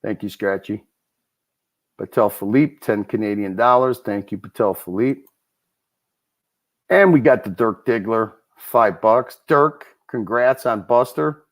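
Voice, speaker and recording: Relaxed man reading out livestream donations. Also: fairly low pitch, measured pace. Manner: relaxed, chatty, thanks donors one by one. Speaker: livestream host. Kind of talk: casual livestream chat, reading super chats.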